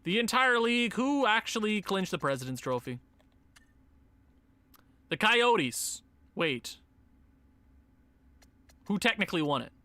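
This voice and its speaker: A young man giving casual commentary on a hockey video game, muttering and then breaking into excited shouts. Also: sits high, unhurried, pauses often, dry recording. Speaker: gaming YouTuber.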